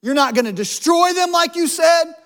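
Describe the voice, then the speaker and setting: A man's voice: very high-pitched, lively intonation, normal speed, fairly bright tone, pitched above the performer's own voice, exaggerated voice. A man acting out the voice of a sulking, defiant adult male prophet, complaining indignantly.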